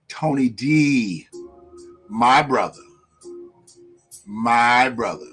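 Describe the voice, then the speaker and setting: A man hosting a casual live stream, talking loudly and profanely and joking with viewers. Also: a little high, poor audio. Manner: loud, profane, joking, greets viewers by name. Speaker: live show host. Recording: music playing in the background.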